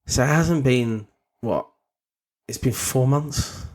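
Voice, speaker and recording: A man's voice: medium pitch, takes it slowly. A man co-hosting a casual podcast chat, talking loosely with frequent laughs and restarts. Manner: chatty, laughs often, trails off into restarts. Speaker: podcast co-host.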